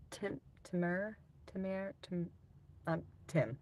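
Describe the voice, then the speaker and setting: A woman's voice: sits low, unhurried, creaky, a little mellow, a little hiss or hum. A woman casually chatting with viewers on a livestream, rambling loosely and swearing often while reading out comments.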